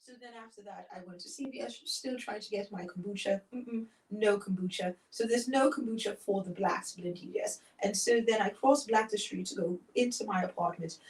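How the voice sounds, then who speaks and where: A woman's voice: medium pitch, moderate pace, hardly any pauses, darkish tone. A woman tells a story in a casual chat, leaning into dramatic, wry asides and a catchphrase she keeps coming back to. Her voice sits in the middle of the range. It sounds roomy and a little distant from the mic. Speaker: host.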